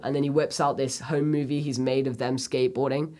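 A man's voice: mid-range voice, level tone, fairly quick, darkish tone. A man co-hosting a casual film review chat, enthusiastic and rambling with lots of fillers. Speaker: podcast co-host.

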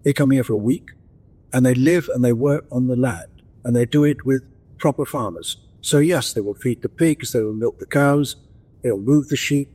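An older man, a guest in an interview, telling reflective stories in a gentle, anecdotal way with frequent restarts, speaking over a video call from his countryside home. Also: medium pitch. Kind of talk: reflective storytelling.

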